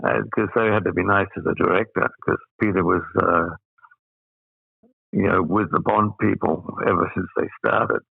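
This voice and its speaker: An older man in his eighties from Australia tells rambling stories and chuckles as he goes. His low voice is gravelly with fry. It comes through a tinny, phone-like line with a dry sound. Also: steady tone, moderate pace, no echo. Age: 80s. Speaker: guest. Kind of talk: anecdotal storytelling.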